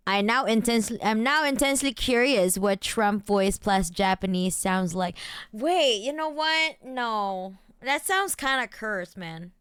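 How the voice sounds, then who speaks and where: A woman's voice: on the high side, expressive, measured pace, a bit bright, clean tone, no room sound, clean studio sound. A woman streamer chatting casually, reacting to news and her chat with giggles and mock outrage.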